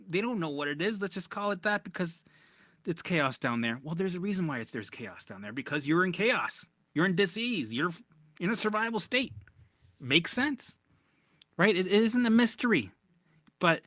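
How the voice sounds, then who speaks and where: Blunt, profane man with a higher voice. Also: fairly bright tone, dry recording, clean studio sound. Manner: blunt and profane, keeps checking in with "right?". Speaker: recovery coach. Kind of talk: casual livestream chat answering comments.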